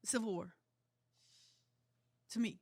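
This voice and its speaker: A woman's voice: mid-range voice, slow pace, gravelly, warm tone, dry recording. A woman from the New area, a podcast guest who is brash and teasing and swears freely in casual chat. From New York area.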